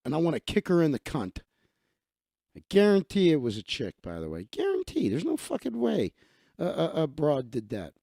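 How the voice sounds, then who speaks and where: Gravelly, profane ranting man. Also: fairly high pitch, wildly swooping pitch, moderate pace, dark tone, dry recording, studio quality. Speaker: live stream host. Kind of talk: live stream commentary, reading news aloud.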